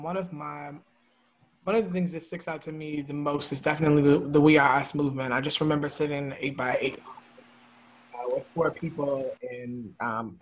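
A man from Baltimore telling a story in a casual conversation and acting out the people he quotes. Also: a little high. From Baltimore, USA. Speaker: guest, community organizer.

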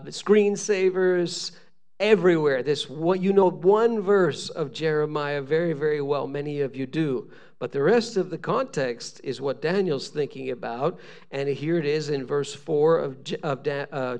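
A man preaching a sermon as pastor, reading scripture aloud with animated, rising emphasis. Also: fairly high pitch, vocal fry.

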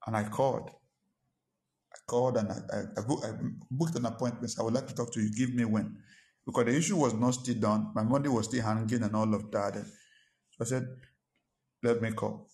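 A man's voice: mid-range voice, steady tone, a little fast, darkish tone. Man preaching an emphatic sermon. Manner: emphatic preaching with repeated phrases. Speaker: pastor.

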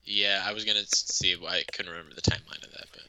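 A man's voice: deep voice, steady tone, quick pace, sharp tone, smooth, no echo, low-quality recording. A man co-hosting a podcast, chatting casually and agreeing along about an old film. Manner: easygoing, agreeable. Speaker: podcast co-host.

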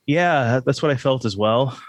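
A man's voice: mid-range voice, moderate pace, no echo. A man hosting a podcast, chatting casually in a rambling, self-deprecating, joking way. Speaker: podcast host.

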